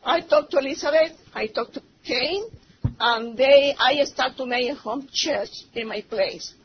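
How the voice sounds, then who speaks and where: Spanish-accented woman, middle-aged, high voice, broken english church testimony, kinda muffled recording. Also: a little slow. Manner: broken English, slipping into Spanish, animated storytelling. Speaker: church member giving testimony. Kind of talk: personal testimony. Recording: slightly muffled recording with faint noise.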